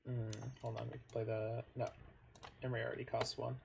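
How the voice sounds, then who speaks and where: Guy narrating his card game as he plays, mid pitch, thinking out loud, keeps correcting himself. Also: flat delivery, brisk, gravelly, noisy background. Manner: musing, thinks aloud with frequent self-corrections and asides. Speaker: gamer commenting on his own online card game matches. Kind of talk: casual gameplay commentary.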